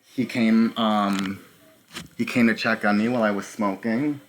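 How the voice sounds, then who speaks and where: A man hosting a live stream, talking straight to his viewers in a halting, nervous way with many filler ums. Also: lowish voice, fairly even intonation. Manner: talks to viewers directly. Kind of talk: live stream recounting events.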